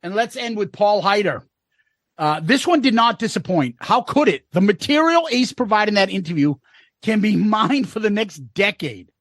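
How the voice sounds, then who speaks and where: A man's voice: high-pitched, big pitch swings, moderate pace, a bit bright, no room sound. A man co-hosting a casual podcast, reading listener comments aloud with wry asides.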